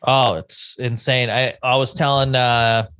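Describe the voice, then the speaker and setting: A man's voice: mid-range voice, flat delivery, unhurried, fairly bright tone, smooth, dry recording, clean studio sound. A man in his thirties co-hosting a podcast, rambling through stories and cutting himself off mid-thought. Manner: rambling, self-interrupting storyteller. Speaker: podcast co-host. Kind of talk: casual chat.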